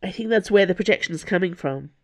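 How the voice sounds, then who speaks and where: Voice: medium pitch, expressive, a little fast, voice pushed up, close to an everyday voice. The narrator voicing an observant young woman musketeer who speaks in urgent, clipped bursts.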